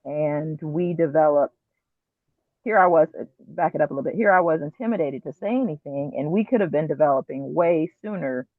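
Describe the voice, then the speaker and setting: A woman guest telling her story candidly and earnestly, acting out her own past words with animated asides, heard over a phone or call line. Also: sits low, fairly quick, no echo. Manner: earnest, reflective, quotes herself with animated asides. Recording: tinny dry phone line.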